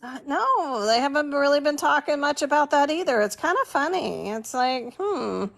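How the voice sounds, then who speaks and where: A woman's voice: high-pitched, animated, normal speed, vocal fry, a bit bright. A woman co-hosting a casual political chat show, wry and amused, often laughing. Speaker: political commentary co-host.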